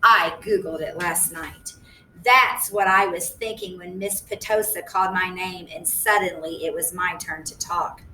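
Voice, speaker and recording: Woman reader, measured storytelling, bright tone, faint background hum. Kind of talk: reading a novel aloud. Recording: echoey room, distant mic, faint rumble.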